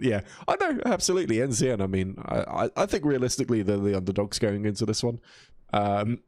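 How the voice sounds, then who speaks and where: Man, live game commentary, low voice, dry close sound, casual, chatty. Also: darkish tone, no echo. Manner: casual, chatty, reads chat aloud. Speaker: esports caster.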